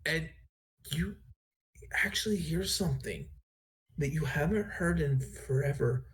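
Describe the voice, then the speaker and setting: A man's voice: fairly high pitch, a little slow. A man narrating as game master in a tabletop game, often restarting and correcting himself. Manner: rambling, self-correcting narration.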